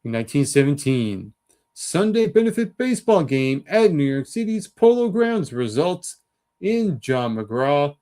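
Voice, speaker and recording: A man hosting his own show, reading through an on-this-day list of past events with quick asides. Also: fairly high pitch, big pitch swings, warm tone. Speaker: host.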